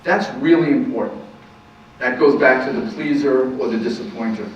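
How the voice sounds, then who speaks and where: With a medium-pitched voice at a moderate pace, a counselor lectures a live audience on parenting, earnestly stressing his points and asking rhetorical questions. He sounds far from the mic in a very reverberant room, and the muffled sound carries faint background noise.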